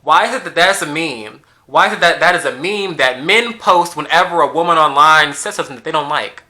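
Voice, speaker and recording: A man delivers a ranting commentary, emphatic and sassy, hammering the same rhetorical questions again and again. His voice sits fairly high and sounds very bright and cutting. His mouth is still a little swollen from wisdom teeth removal. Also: expressive, brisk. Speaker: YouTube commentator. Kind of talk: ranting social media commentary.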